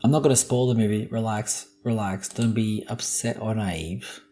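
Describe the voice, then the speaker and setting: A man's voice: on the low side, fairly even intonation, moderate pace, mellow, faint music behind. A young man hosting a solo podcast, talking casually in a joking, profane, ranting way. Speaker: podcast host.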